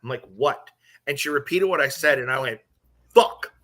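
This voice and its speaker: A man's voice: medium pitch, brisk, bright, forceful tone. A man casually telling a personal story on a live stream, swearing and acting out quotes.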